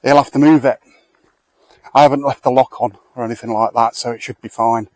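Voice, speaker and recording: A man's voice: mid-range voice, steady tone, brisk, darkish tone, no echo, low-quality recording. A middle-aged man chatting casually to viewers while walking outdoors, talking into a handheld camera. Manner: chatty, rambling, addresses viewers directly. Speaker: vlogger. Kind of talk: casual walk-and-talk vlog. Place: outdoors in a back lane near a fire.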